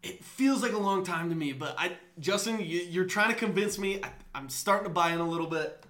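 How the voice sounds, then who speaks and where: Brief: upbeat podcast co-host, man, bright high voice, echoey room. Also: fairly quick. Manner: playful, animated banter. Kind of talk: casual sports podcast chat.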